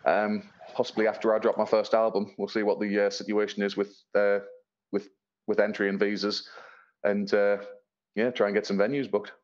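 A man's voice: fairly low pitch, level tone, normal speed, darkish tone, lo-fi sound. A man from England, a blues-rock musician, chatting casually in an interview and rambling with many fillers and restarts. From Northeast England.

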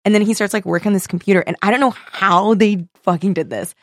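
A young woman in casual chat, telling a story with lively quoted voices, frequent laughter and casual swearing. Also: medium pitch, fast talker. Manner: animated storytelling, acts out quoted people, laughs often, swears.

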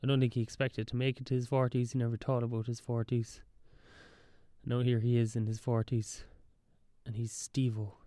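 A young man talks in a loose solo monologue, drifting between thoughts and cutting himself off mid-sentence with a wry edge. His voice is mellow and dark. The sound is dry and close. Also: mid-range voice, no room sound. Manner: rambling, wry, self-interrupting. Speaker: podcast host.

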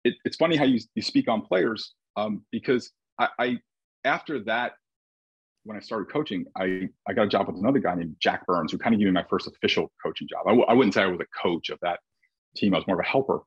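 A man's voice: on the low side, fast, slightly rough, dry recording, highs cut off. A man who coaches baseball, telling stories in a casual, reflective conversation with frequent restarts.

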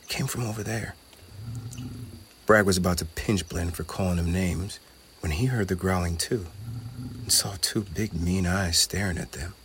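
Deep-voiced man reading a storybook. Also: steady tone, moderate pace, fairly bright tone, a little hiss or hum.

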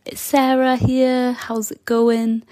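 A woman's voice: on the high side, takes it slowly, no room sound. Chatty woman from Newcastle, dry and close. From Newcastle, England. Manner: chatty, animated anecdote. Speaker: caller leaving a voice message. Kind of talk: storytelling voice message.

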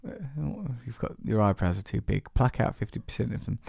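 Reading and replying to listener emails, a man hosting a podcast rambles in a playful, animated way, fairly quick and barely pausing. His voice is low and darkish with a gravelly fry. It's recorded close and dry, with no trace of the room.

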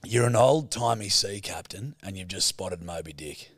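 A man's voice: low voice, lively intonation, fairly bright tone, no echo. A man co-hosting a comedy podcast in a studio, teasing his partner and handing out improv prompts. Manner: teasing, quick to laugh, sets prompts. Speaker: podcast co-host.

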